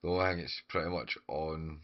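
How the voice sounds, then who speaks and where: A man playing in a tabletop role-play game, describing his character's actions in a halting, hesitant way. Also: very deep voice. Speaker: player. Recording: dull lo-fi audio.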